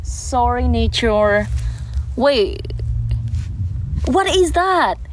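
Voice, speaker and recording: A woman live-streaming from the water as she paddles, talking in an unhurried, chatty way and breaking into giggles. Her voice sits a little high. Faint outdoor ambience and the odd passing vehicle sit behind her. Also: a little hiss or hum. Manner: giggly, easily excited, chatty. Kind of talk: casual live-stream chat.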